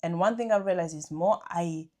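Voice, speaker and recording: A woman's voice: on the low side, normal speed, dark tone. Encouraging young woman podcast host. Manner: encouraging, reflective, frequent affirming murmurs. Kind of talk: casual faith conversation.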